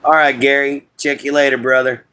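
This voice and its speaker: A man's voice: medium pitch, level tone, moderate pace, sharp tone, poor audio. A man hosting a casual livestream from inside an RV, talking to his chat in a folksy, drawling way. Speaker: livestream host.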